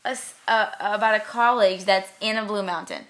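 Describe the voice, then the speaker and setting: A woman's voice: medium pitch, steady tone, normal speed, fairly bright tone. A young woman in her twenties chatting casually as a co-host, gushing about things she loves in long rambling runs. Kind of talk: casual chat.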